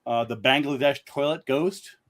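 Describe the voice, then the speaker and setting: A man's voice: mid-range voice, moderate pace, a bit bright. A man speaking as a guest author in a casual live-stream chat, rambling with lots of "uh" fillers and restarts.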